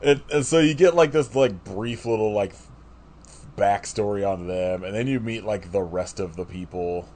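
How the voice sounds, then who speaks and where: On the low side and a little mellow, this co-host's voice moves at normal speed. He's chatting about a film on a podcast in a loose, rambling review, peppered with "like" and restarted sentences.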